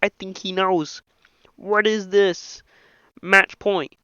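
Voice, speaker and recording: A man doing an impression of a nasal, excitable male puppet frog, reading a whole film script aloud as every character. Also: high-pitched, slow, clean tone, dry recording, full character voice. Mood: froggy reading. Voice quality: nasal, reedy. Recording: dull lo-fi dry home mic.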